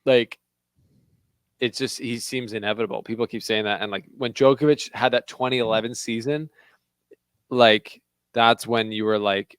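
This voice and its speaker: A man's voice: medium pitch, fairly even intonation, moderate pace, a bit bright, clear, resonant tone, no echo. A young man from Canada co-hosting a podcast in casual chat, talking loosely with lots of "like" fillers. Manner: chatty, loose, full of "like" fillers. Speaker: podcast co-host.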